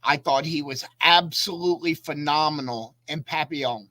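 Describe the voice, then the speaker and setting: A talkative, opinionated podcast co-host chats casually and tells stories with animation. His voice is on the high side, pushed and bright, at a normal speed, with no echo.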